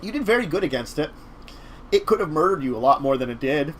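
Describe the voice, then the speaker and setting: A man with a slightly high voice recaps his tabletop sessions in a loose, rambling way, stopping and restarting his sentences. There is a faint hiss behind him. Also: animated. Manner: rambling, halting with fillers and restarts. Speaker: game master, show host. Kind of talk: casual chat recapping games.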